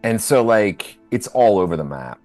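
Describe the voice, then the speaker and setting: A man's voice: on the low side, big pitch swings, moderate pace, darkish tone, soft background music. An American man running a tabletop game, chatting casually, rambling and swearing with lots of fillers. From United States. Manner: rambling, laughing, swearing freely. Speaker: game master.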